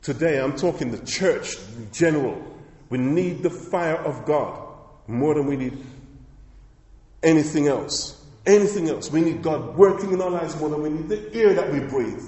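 A man's voice: a little high, animated, normal speed, warm tone, roomy sound, long reverb tail. A man preaching a sermon as pastor, emphatic and repetitive, with many rhetorical questions to the congregation.

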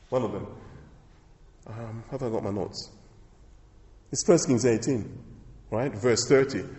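A man's voice: medium pitch, warm tone, roomy sound, long reverb tail. A man preaching a sermon as pastor, emphatic and repetitive, with many rhetorical questions to the congregation.

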